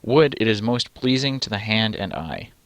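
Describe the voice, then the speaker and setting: A man's voice: fairly low pitch, big pitch swings, normal speed, no echo. A man reading a text adventure game aloud and adding dry, sarcastic asides. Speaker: let's play gamer.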